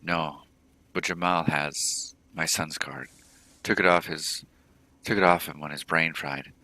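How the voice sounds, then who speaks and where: A man's voice: very deep voice, steady tone, unhurried, pushed and bright, no echo, heavily acted. A man reading aloud the lines of a frightened mother in a cyberpunk video game, in his own plain voice. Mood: wary. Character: frightened middle-aged mother in a cyberpunk slum.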